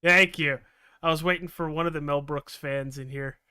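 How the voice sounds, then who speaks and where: A man's voice: fairly high pitch, fairly even intonation, moderate pace, bright, forceful tone, clean tone, dry recording, clean studio sound. A man hosting a casual podcast, joking around, with loose fillers and the odd swear. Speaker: podcast host. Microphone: podcast mic over video call.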